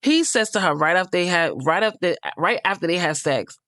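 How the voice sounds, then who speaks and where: A woman's voice: on the low side, animated, brisk, fairly bright tone, no echo, studio quality. A woman hosting a casual reality TV recap, chatty and gossipy, with frank asides.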